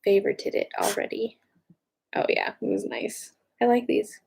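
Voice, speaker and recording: An excitable woman chatting casually, gushing while she browses online. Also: medium pitch, normal speed, creaky, a little hiss or hum. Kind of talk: casual chat.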